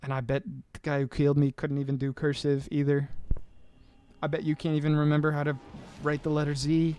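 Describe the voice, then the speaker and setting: A man's voice: a little high, completely flat delivery, a little fast, a little mellow, clean tone. Rambling young man chatting while gaming. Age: 20s. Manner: rambling, sarcastic and self-deprecating. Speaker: podcast host.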